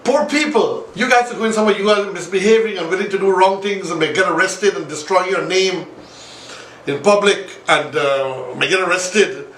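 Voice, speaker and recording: A man's voice: high voice, moderate pace, fairly bright tone, echoey room, distant mic, poor audio. A man hosting an impassioned political commentary show, addressing his viewers directly and repeating himself for emphasis. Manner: repetitive, appealing directly to viewers. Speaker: online show host.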